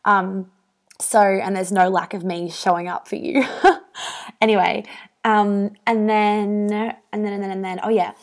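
Woman, young adult, podcast host, casual candid monologue, frequent swearing, filler-heavy, medium pitch. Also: flat delivery, moderate pace. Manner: chatty, swears freely, many fillers.

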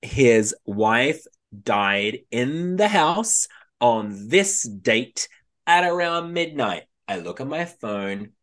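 A man co-hosting a casual podcast, telling a story in an animated way, acting out quotes and laughing often. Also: mid-range voice, extremely slow. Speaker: podcast co-host.

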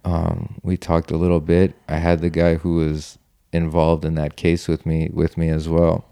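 A man's voice: deep voice, completely flat delivery, moderate pace, creaky, dark tone, clear, resonant tone, no room sound, studio quality. A man telling a personal story in a loose, rambling way, full of "like" and "you know", with casual swearing. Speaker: guest telling his story.

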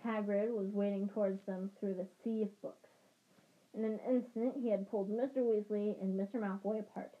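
Amateur female reader, mid-pitched, halting delivery with restarts; muffled, lo-fi recording. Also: steady tone. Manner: halting, rereads stumbles. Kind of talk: reading a novel chapter aloud.

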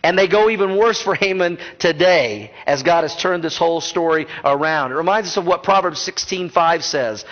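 A man's voice: a little high, moderate pace, a bit bright. A male pastor preaching a sermon in a conversational style, with joking asides to the congregation. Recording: dull muffled sound.

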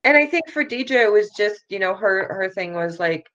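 A woman's voice: mid-range voice, lively intonation, normal speed, fairly bright tone. A middle-aged woman, a mother, candidly telling her story as a podcast guest, open and self-critical, often saying "you know". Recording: dull lo-fi sound.

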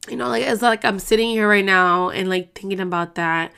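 A woman's voice: medium pitch, fairly quick, vocal fry, bright, forceful tone, clear, resonant tone. A woman hosting a casual podcast monologue, talking bluntly and emotionally, swearing often and rambling through restarts. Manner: heated, blunt, swears a lot. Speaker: podcast host.

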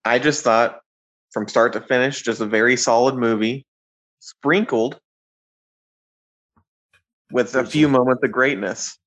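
A man's voice: medium pitch, fairly even intonation, measured pace, long pauses, fairly bright tone. Upbeat male podcast guest. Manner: enthusiastic, upbeat, plain-spoken. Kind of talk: casual movie review chat.

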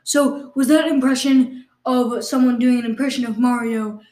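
Woman cohost doing improv comedy bits, fairly high voice, keeps questioning stuff all exasperated, lots of ums, echoey room. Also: steady tone, moderate pace, dark tone. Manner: questioning, mock-exasperated, full of fillers. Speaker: podcast co-host.

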